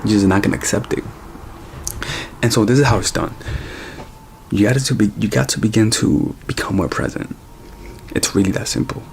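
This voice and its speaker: A man with a low, gravelly voice talks straight to the camera as a dating coach. He is casual and blunt and calls his viewers "ladies." Steady background noise runs under the whole recording. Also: moderate pace, pauses often. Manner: direct, informal, addresses viewers as ladies. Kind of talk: casual advice monologue. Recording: noisy background.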